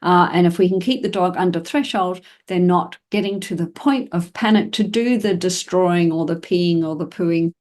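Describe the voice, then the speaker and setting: A woman's voice: lowish voice, normal speed, few pauses, a little mellow. A woman hosting a podcast about dog training, explaining in a casual, conversational way with frequent fillers and acted-out examples.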